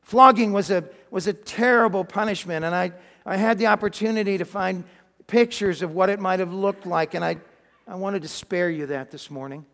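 A man with a fairly high voice delivers a sermon in a church, telling the story dramatically and restarting phrases as he goes. His voice rings with the long reverb of a large hall. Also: normal speed, gravelly, fairly bright tone. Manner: dramatic storytelling with acted quotes, frequent restarts. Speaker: pastor. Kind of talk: sermon retelling a Bible story.

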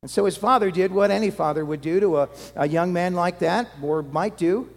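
Male pastor, dramatic sermon storyteller, slightly high voice, long church reverb. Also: moderate pace. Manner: dramatic, swings from loud to hushed.

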